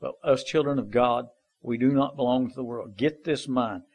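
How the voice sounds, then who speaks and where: A man delivering a homespun sermon, pressing his points again and again with earnest urgency. His speech is plain and folksy, with loose grammar and steady exhortation, pitched in an ordinary middle register. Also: normal speed, vocal fry. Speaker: preacher. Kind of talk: informal sermon.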